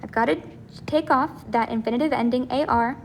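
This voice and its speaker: A woman's voice: a little high, fairly quick, vocal fry, slight background noise. A woman teacher explaining grammar step by step, checking in often with "okay?" and "right?". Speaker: Spanish teacher. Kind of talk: recorded grammar lesson.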